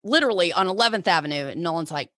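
A woman co-hosting a podcast in casual chat, playful and quick to laugh. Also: on the low side, expressive, a bit bright. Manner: chatty, laughs easily, playful. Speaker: podcast co-host.

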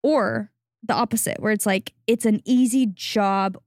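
A woman's voice: medium pitch, fairly even intonation, unhurried, dry recording, studio quality. Young woman reacting in casual chat. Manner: reactive, sympathetic interjections. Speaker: podcast co-host.

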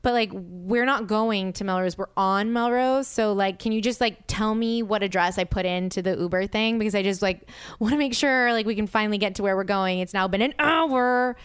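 A woman podcast host telling an animated story in casual chat, peppered with "like" and acted-out quotes. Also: medium pitch, a little fast, clear, resonant tone, no room sound, clean studio sound. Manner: animated storyteller, heavy use of "like"; acts out quoted dialogue with exasperation.

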